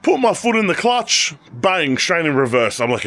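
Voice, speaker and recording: A man with an Australian accent, chatting casually and rambling as he walks through his car collection, telling animated stories. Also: fairly high pitch, moderate pace, few pauses. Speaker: channel host. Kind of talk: casual car walkaround vlog.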